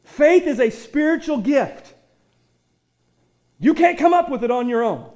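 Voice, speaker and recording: Delivering a lively sermon at a measured pace, this pastor has a notably high voice. Repeated words often trip him up before he lands his points with abrupt, loud emphasis.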